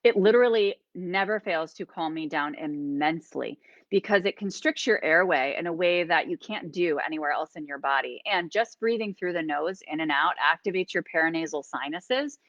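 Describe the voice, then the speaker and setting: A woman hosting a live-streamed oracle card reading, gently encouraging and guiding listeners through slow breathing. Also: low voice, no room sound, highs cut off. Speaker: host and healer.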